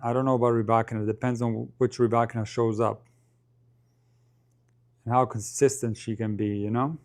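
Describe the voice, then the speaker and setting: A man's voice: medium pitch, level tone, brisk, a little mellow. Man chatting through live match commentary. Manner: chatty, thinks aloud, addresses viewers.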